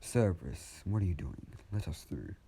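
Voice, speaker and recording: A man's voice: low voice, sing-song, normal speed, vocal fry, mellow, slight background noise, exaggerated voice. A man voicing an irritated male ruler of the underworld, coaxing then impatient with his guard dog.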